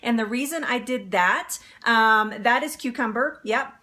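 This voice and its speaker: A woman's voice: fairly high pitch, measured pace, bright, forceful tone. A woman hosting a live cooking demonstration in her home kitchen, chatty and upbeat, laughing often. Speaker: cooking show host.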